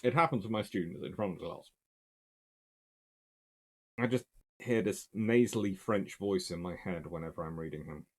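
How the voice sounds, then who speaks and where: A man's voice: sits low, normal speed, pauses often. A man giving a casual, emphatic spoken history lecture in a conversational way.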